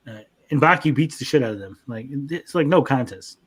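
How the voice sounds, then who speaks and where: Recapping anime episodes as a co-host of a review show, this young man chats casually, curses freely and jumps into quick character voices. His mid-range voice is expressive with a breathy edge.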